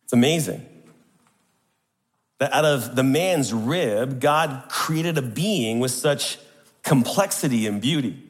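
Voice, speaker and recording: A man's voice: mid-range voice, lively intonation, slow, pauses often, big-room sound. A man preaching a sermon to a congregation, emphatic and posing rhetorical questions.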